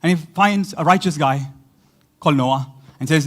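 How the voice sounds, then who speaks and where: A man preaching a sermon as pastor, animated, repeating words for emphasis and breaking into laughing asides. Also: fairly high pitch, normal speed.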